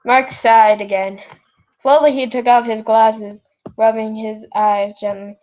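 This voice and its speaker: Casting: a woman with a high voice reading fan fiction slowly, chatty, self-interrupting, on a lo-fi built-in mic. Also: steady tone. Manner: rambling, self-interrupting, apologetic. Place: home, late at night. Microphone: built-in device mic, no proper microphone. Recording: lo-fi device mic recording.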